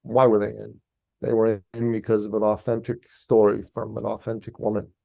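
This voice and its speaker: A man's voice: on the low side, moderate pace, gravelly. A man, a business coach, telling a personal story in a podcast interview and acting out the people in it. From Canada. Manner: animated storyteller, acts out quoted voices.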